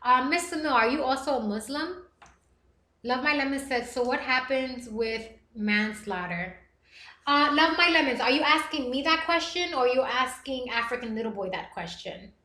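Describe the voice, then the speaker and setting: A woman's voice: high voice, expressive, normal speed, bright, forceful tone, roomy sound. A woman hosting a live stream, reading chat messages aloud and talking earnestly and emotionally. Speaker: livestream host reading chat. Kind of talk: casual live-stream talk.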